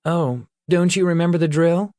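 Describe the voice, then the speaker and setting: A man's voice: a little high, moderate pace, a little mellow, dry recording, studio quality, voice pushed up, lightly acted. A man voicing a cruel, cocky young male leader of a forest gang in an audiobook, taunting and commanding. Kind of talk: audiobook character voice.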